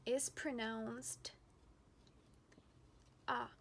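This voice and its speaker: A young woman teaching a pronunciation lesson, speaking slowly and deliberately and repeating each example word several times. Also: fairly high pitch, level tone, creaky, slight background noise. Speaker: language teacher.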